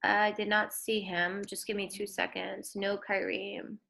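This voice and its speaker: A woman's voice: mid-range voice, little pitch movement, a little slow, creaky, bright, forceful tone. A woman teacher running an online class on a video call, upbeat and encouraging.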